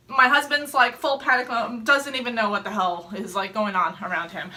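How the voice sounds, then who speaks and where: Bright-voiced mom telling a story. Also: female voice, on the high side, moderate pace, few pauses. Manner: animated, laughs often, acts out her own quotes. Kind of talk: casual storytime vlog.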